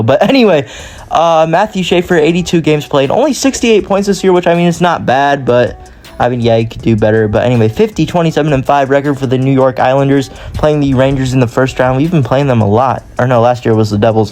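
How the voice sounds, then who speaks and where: A man's voice: mid-range voice, darkish tone. A young man talking through a hockey sim career in casual commentary, rambling and often correcting himself mid-sentence. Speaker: gaming YouTuber.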